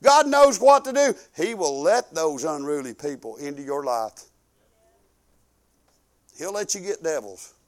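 Male preacher, middle-aged, high-pitched, folksy and rambling, loud then hushed. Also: a little slow, pauses often. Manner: animated, swinging from loud to hushed; colloquial, rambling with restarts. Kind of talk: folksy storytelling sermon.

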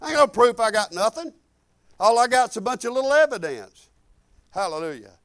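A man's voice: very high voice, very animated, normal speed, no echo, studio quality. An older man preaching a sermon as pastor, rambling and fervent, with many restarts and cries of hallelujah.

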